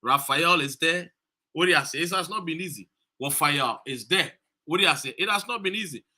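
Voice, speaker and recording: A Ghanaian man livestreaming from a street demonstration, rousing viewers with repeated calls and shout-outs. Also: on the high side, brisk. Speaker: activist streaming a demonstration. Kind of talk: live-streamed rally talk.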